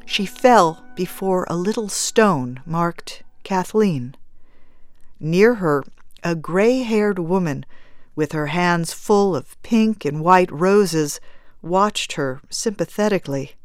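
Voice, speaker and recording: A woman narrating a classic story in a measured, even reading style. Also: fairly low pitch, clean tone, dry recording, studio quality. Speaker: audiobook narrator.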